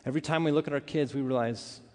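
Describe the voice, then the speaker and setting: A man's voice: mid-range voice, quick pace. Male pastor telling a story in an echoey hall. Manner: earnest, animated storytelling with many restarts. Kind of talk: sermon storytelling. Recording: hall reverb.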